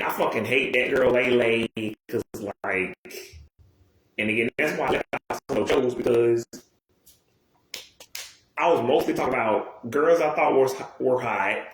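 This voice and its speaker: A man's voice: mid-range voice, slight background noise. A man talking to his video audience in a rambling, casual monologue, full of digressions, restarts and swearing. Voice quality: profane, digressive, many restarts. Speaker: YouTuber. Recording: roomy echo.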